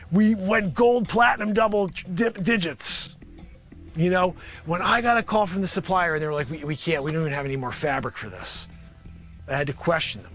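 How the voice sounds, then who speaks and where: A man hosts his own comedy show and improvises a mock sales pitch in a high, bright voice. His delivery is brash and sarcastic, and his pitch swoops wildly up and down. He mutters asides and then breaks into sudden shouts. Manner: swings between mumbled asides and sudden shouted outbursts.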